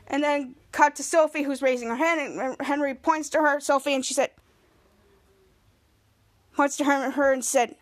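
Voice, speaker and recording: A podcast host gives a casual recap of a TV episode, rambling, restarting often, and acting out lines. She has a high-sitting voice with fairly even intonation, talking a little fast and pausing frequently.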